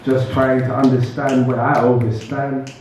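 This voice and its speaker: A man performs spoken word poetry in a slow, measured rhythm, dropping into casual asides between pieces. His tone is mellow and dark, and he sounds distant, as if picked up from across an echoey room. The sound is muffled and dull. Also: mid-range voice, flat delivery, slight background noise. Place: open mic event venue.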